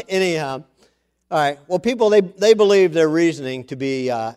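A middle-aged male pastor preaching a sermon in a folksy, animated storytelling way. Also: on the high side.

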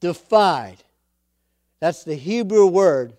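A man's voice: sits high, expressive, a little slow, a little mellow, no room sound, studio quality. A man preaching a sermon, telling a story with energy and acting out the quotes.

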